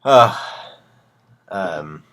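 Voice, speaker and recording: Deep-voiced guy reading creepy stories on a stream, chill asides in between. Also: animated, drawn-out words, sharp tone. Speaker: live-stream host reading horror stories.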